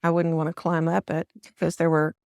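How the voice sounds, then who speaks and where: A friendly woman with a Southern US accent talks as a guest in a casual interview, circling back on her words as she goes. Her voice has a gravelly edge, and the recording is dry and close. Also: low voice, completely flat delivery, a little fast, a little mellow, no echo. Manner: friendly, chatty, with frequent restarts and fillers. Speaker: guest author.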